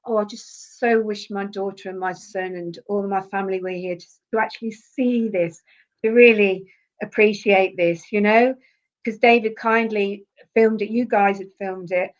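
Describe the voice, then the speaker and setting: A woman talking with heartfelt feeling as a podcast guest, often circling back over her words. Her voice sits in an ordinary middle pitch. The recording sounds a little dull. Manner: heartfelt, repeats herself when moved. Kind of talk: emotional interview conversation.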